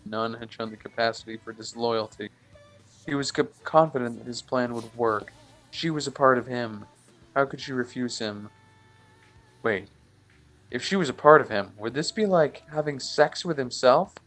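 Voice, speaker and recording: A young man reading a fan story aloud over voice chat, halting and mocking the text. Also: medium pitch, fairly bright tone, faint music behind. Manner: halting, often restarts and mocks the text. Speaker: fanfic reader. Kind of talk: mocking comedic dramatic reading.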